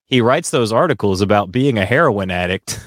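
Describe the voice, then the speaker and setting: A man's voice: fairly low pitch, animated, moderate pace, no echo, clean studio sound. A man co-hosting a casual chat podcast, telling a long story in a rambling way with many fillers and restarts. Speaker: podcast co-host.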